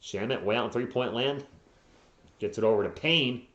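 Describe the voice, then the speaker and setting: A man calls the game play-by-play for his stream, siding openly with one team. His voice sits at an ordinary pitch and breaks into frustrated yelling when plays go wrong. The recording is roomy and echoey, with a dull, lo-fi tone. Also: normal speed. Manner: partisan, bursts into frustrated yelling at players. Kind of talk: live play-by-play commentary. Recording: echoey, dull lo-fi home mic.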